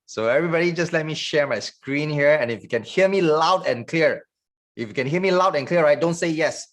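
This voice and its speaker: A man giving an online sales training in a fast, joking, salesy patter. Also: a little high, a bit bright.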